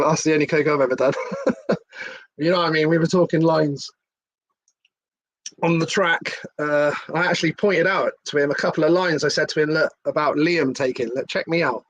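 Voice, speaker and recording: A man's voice: a little high, fairly bright tone, no echo. A middle-aged man from hosts a live stream in a slightly raised voice. He chats loosely, swears freely and answers viewers' comments. The sound is dry and close, with little room. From England. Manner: chatty, swearing, laughing, reading out viewer comments. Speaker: host. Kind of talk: casual live-stream chat.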